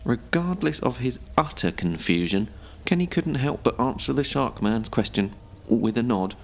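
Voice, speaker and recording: A man narrating a written story in a measured, expressive storytelling manner. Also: mid-range voice, gravelly, a little hiss or hum.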